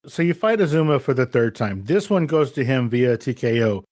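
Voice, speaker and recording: A man from San Antonio hosting a casual podcast interview, friendly and quick to laugh along. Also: mid-range voice, animated, darkish tone, no echo, studio quality. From San Antonio, Texas. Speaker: podcast host.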